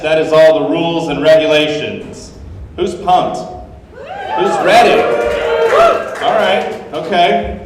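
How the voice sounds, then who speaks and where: A man emcees a live evening event in an upbeat, joking way, welcoming the crowd and running through the rules. His voice sits at an ordinary middle pitch. It comes from a handheld mic held a bit far off, so it rings through a large echoing hall with a long tail and a faint hum of room noise underneath. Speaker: event host. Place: large open ground-floor hall.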